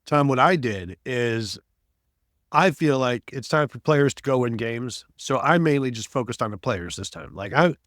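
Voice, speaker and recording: A man's voice: mid-range voice, animated, normal speed, a bit bright, no room sound, clean studio sound. A man hosting a sports podcast with playful, teasing banter. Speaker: podcast host.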